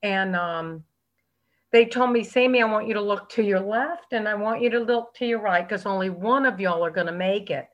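A woman's voice: mid-range voice, moderate pace, highs cut off. A middle-aged American woman giving a heartfelt, candid personal testimony to a meeting, with fillers and restarts. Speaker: recovery speaker.

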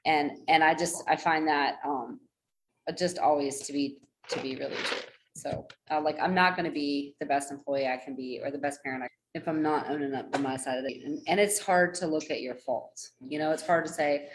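A woman's voice: a little fast, slight background noise, poor audio. A woman in her forties telling a personal story in a rambling, self-deprecating way, full of fillers and restarts, acting out what others said. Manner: acts out quoted voices with big pitch jumps. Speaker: speaker sharing a personal story.

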